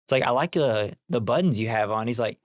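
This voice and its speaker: A man's voice: medium pitch, lively intonation, a little fast, noisy background. A young man co-hosting a podcast, casually recapping a film in a rambling way, full of fillers and acted-out quotes. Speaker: podcast co-host.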